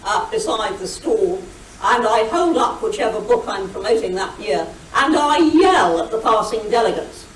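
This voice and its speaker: A woman's voice: fairly high pitch, lively intonation, a little hiss or hum. An older woman giving a witty, anecdotal talk as guest speaker, recorded from a distance in a hall over a video call. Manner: brisk, witty storyteller, mimics shouted quotes. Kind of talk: anecdotal after-dinner talk. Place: meeting hall.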